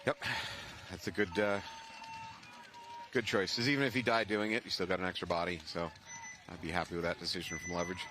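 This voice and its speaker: Brief: deep-voiced male play-by-play commentator from Ohio, easygoing banter, outdoor noise behind. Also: steady tone, brisk, pauses often. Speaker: paintball commentator. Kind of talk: live sports commentary. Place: outdoors at a paintball field.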